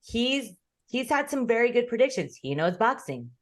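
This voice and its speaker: A woman's voice: fairly high pitch, sing-song, normal speed. A woman co-hosting a boxing talk show, chatting casually and telling stories with frequent laughter. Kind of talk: casual chat.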